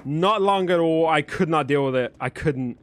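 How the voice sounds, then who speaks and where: A man's voice: a little high, moderate pace. A young man chatting live with his viewers while gaming, joking and swearing freely. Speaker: livestreamer. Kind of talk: live gaming stream chat.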